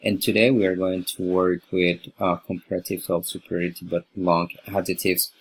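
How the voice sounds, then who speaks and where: Low-voiced guy walking through a lesson plan, lots of ums and restarts, spanish is his first language, bit of hiss behind. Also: level tone, moderate pace, low-quality recording. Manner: hesitant, many fillers and restarts. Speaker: English teaching student presenting a lesson plan. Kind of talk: unscripted video presentation.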